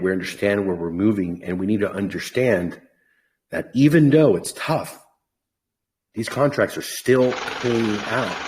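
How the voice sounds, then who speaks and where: A man's voice: low voice, darkish tone. A man hosting a podcast over a video call, chatting casually in an upbeat, joking and encouraging way. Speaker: podcast host. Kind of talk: casual chat.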